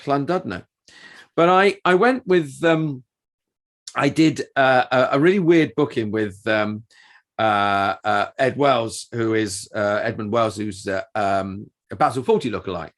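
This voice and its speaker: A middle-aged man, a podcast co-host and performer, tells anecdotes in a loose, rambling way, often restarting his sentences. His voice is mid-range and a little slow.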